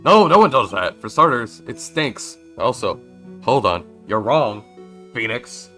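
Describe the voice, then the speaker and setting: A young man casually chatting while playing a story game, reading its lines aloud and joking loudly between them. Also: mid-range voice, big pitch swings, unhurried, soft background music. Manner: chatty, jokey, reads game lines with loud outbursts. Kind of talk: casual let's-play commentary reading dialogue aloud.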